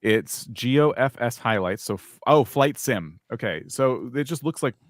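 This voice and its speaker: A man's voice: medium pitch, lively intonation, moderate pace, no echo, studio quality. A man co-hosting a live YouTube channel review, chatty and candidly critical. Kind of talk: live stream review chat.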